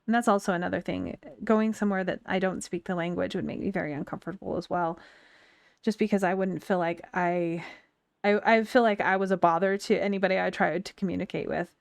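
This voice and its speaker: A woman's voice: fairly low pitch, steady tone, a little fast, gravelly, dry recording, studio quality. A woman from the United States with a Western twang, chatting and rambling through stories while she streams a game. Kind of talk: casual chat while playing a game. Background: faint game music.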